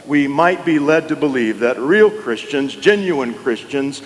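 A male pastor delivering a sermon in a church, with measured pauses and rising emphasis. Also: mid-range voice, lively intonation. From New Mexico. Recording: long reverb of a hall.

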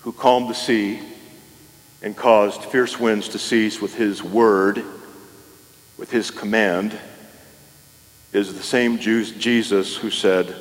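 A male pastor delivering a sermon in a church, with measured pauses and rising emphasis. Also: fairly low pitch, fairly even intonation. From New Mexico. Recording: long reverb of a hall.

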